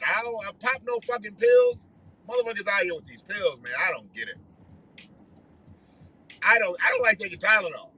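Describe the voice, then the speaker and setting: A man's voice: high-pitched, pushed and bright, low-quality recording. A man ranting profanely on a livestream while driving his car. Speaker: livestream host. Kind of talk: casual ranting monologue.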